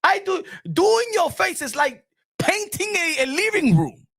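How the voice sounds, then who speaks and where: A man voicing an indignant male makeup artist who shouts in broken English. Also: extremely high pitch, very animated, measured pace, vocal fry, voice pushed up, heavily acted.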